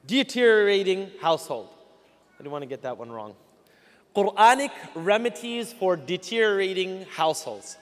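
High-voiced man preaching in an echoing hall. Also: expressive, normal speed. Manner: earnest, conversational and direct. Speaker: guest speaker at a Muslim community talk. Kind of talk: religious talk to a live audience. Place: large hall with a stage. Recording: long hall reverb.

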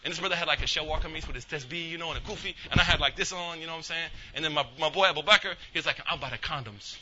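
A man's voice: a little high, steady tone, racing, sharp tone. A male imam giving a casual, storytelling religious talk. He acts out the people in his story and mixes street slang with Arabic religious phrases. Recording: dull lo-fi recording.

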